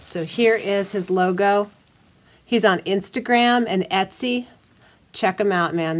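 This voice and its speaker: A woman hosting a casual unboxing vlog, gushing to her viewers in an excitable way. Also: medium pitch, takes it slowly. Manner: gushing, excitable, talks to viewers as "you guys". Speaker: soap maker and channel host.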